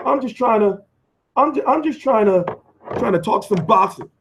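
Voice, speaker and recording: An American man hosting a live boxing stream, answering viewer comments in a profane, animated rant with lots of restarts and repeats. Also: high-pitched, moderate pace, vocal fry, slight background noise. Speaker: boxing commentator and channel host.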